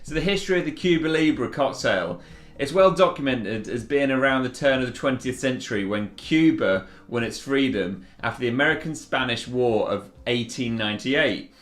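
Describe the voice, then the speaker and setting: A man's voice: medium pitch, normal speed. Man, bartender host, casual cocktail demo, chatty, echoey room. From Yorkshire, England. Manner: chatty and relaxed, with fillers and restarts.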